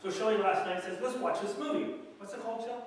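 Pastor's casual sermon in echoey church. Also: male voice, high-pitched, quick pace, distant mic, slight background noise. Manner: conversational, storytelling, acts out quoted voices. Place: church sanctuary. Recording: very echoey church hall from afar.

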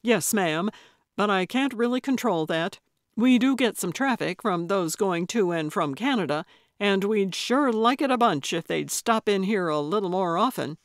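A woman with a medium-pitched, expressive voice close to everyday speech plays an eager young male theme park host dressed in Western garb. He greets visitors with forced, overly exuberant, salesy cheer. The studio-quality recording has no echo and moves at a normal speed.

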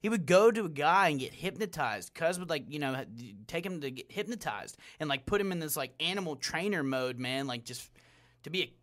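A man's voice: fairly high pitch, lively intonation, fairly quick, a bit bright. A young man hosting a casual podcast chat, rambling and dropping "like", "bro" and "dude" all the time. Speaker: podcast host.

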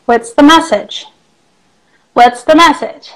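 A woman's voice: high voice, animated, slow, pauses often, fairly bright tone, poor audio. A young woman, an English teacher, chatting casually on a phone live stream, reading out comments with affectionate, playful talk.

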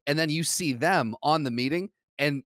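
A man's voice: on the high side, normal speed, fairly bright tone. A man co-hosting a podcast in an easygoing way, asking follow-up questions and telling a story. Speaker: podcast co-host. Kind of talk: casual chat.

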